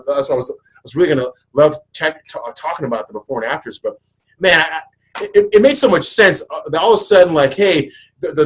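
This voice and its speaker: Husky, rambling man hosting a podcast. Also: fairly high pitch, rough recording. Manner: rambling, animated storytelling with many restarts. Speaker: podcast host. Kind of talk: casual podcast chat.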